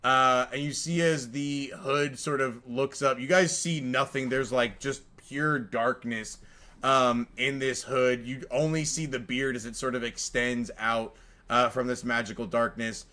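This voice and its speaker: A man's voice: medium pitch, steady tone, a little slow, pushed and bright. A man narrating a tabletop game as game master, rambling and full of fillers.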